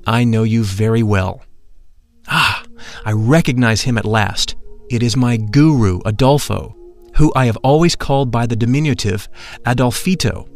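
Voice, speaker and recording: Guy reading a story slow and reverent, mid-pitched voice, quiet music underneath. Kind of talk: scripted narration. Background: faint music.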